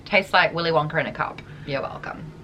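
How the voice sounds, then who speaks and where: A woman's voice: sits low, noisy background. A woman co-hosting a podcast, chatting casually and playfully with lots of laughter. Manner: giggly, playful, fast banter. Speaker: podcast co-host. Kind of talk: casual chat.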